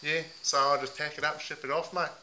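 A rough bloke down on his luck, with a broad put-on Australian accent, as a man puts him on. His voice is very bright and sits a little high for a man, and he tacks "mate" onto nearly every line in a mock-earnest tone. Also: level tone, a little fast, a little hiss or hum, poor audio. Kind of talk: improvised comedy character.

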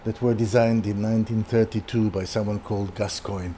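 A lowish, mellow voice belongs to an older man recounting his early days as a designer. He talks in a halting way, repeating words and restarting sentences as he goes. A faint hiss sits behind him. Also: fairly even intonation. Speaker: guest, furniture designer. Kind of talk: casual anecdotal storytelling.

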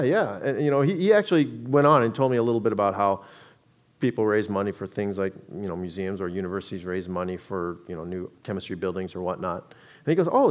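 A man giving a public talk to an audience, telling a story in a conversational way with frequent restarts. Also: lowish voice.

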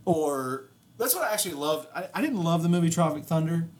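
A man's voice: a little high, fairly quick, slight background noise. A man chatting casually and crudely as a podcast co-host, slipping into mocking voices. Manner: animated, profane, slips into mocking voices.

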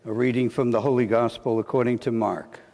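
A clergyman reading the Gospel aloud at Mass in a measured, formal proclamation. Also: mid-range voice, steady tone, a little mellow. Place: church. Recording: long church reverb.

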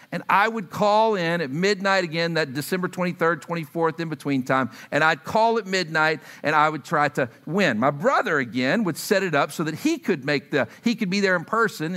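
A man in his thirties preaching a sermon, telling stories and acting out quotes as he speaks to his congregation. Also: sits high. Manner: animated, acts out quotes, asks the audience. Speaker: pastor. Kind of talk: sermon with storytelling.

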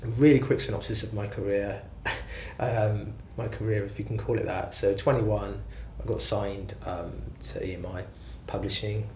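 A man's voice: fairly low pitch, fairly even intonation, normal speed, hardly any pauses, darkish tone, slight background noise. A man who is a singer-songwriter, telling his story in a rambling, self-deprecating way during a casual interview. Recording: roomy echo, faint ambience.

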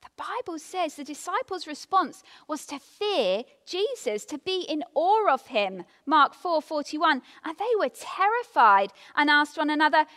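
Bright, lively woman giving a devotional. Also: high-pitched, measured pace, big-room sound. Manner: expressive storytelling, lively emphasis. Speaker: devotional speaker. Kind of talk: devotional talk with scripture reading.

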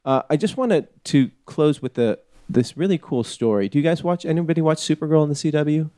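A man's voice: a little high, brisk, mellow, no echo. A man hosting a podcast in casual chat, rambling and hesitant with lots of fillers. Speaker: podcast host.

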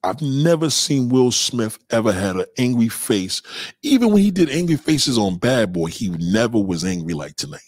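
A man's voice: medium pitch, big pitch swings, moderate pace, darkish tone, no room sound. A man hosting a livestream, reading chat and ranting in a profane, heated, emphatic way. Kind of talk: casual livestream rant.

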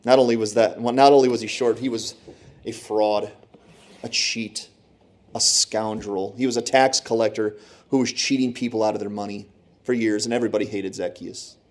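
A man's voice: on the low side, fairly even intonation, moderate pace. A man preaching a sermon, retelling Bible stories with dramatic, acted-out voices. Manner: dramatic storytelling, acts out Bible characters.

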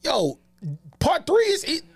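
A man's voice: extremely high pitch, vocal fry, no echo. A man co-hosting a podcast in loose, joking casual chat with friends. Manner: animated, joking, fast and overlapping. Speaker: podcast co-host.

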